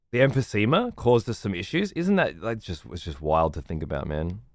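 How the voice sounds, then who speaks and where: A man's voice: on the low side, big pitch swings, normal speed, creaky, no room sound, clean studio sound. A man streaming a game, chatting casually in a rambling, heavily profane way. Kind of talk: casual chat while gaming.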